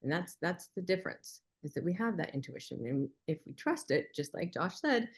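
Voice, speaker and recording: Female co-presenter with a slightly low voice, animated storyteller who plays out dialogue. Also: normal speed. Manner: lively storyteller who acts out quoted lines. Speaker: webinar co-presenter. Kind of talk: casual webinar talk.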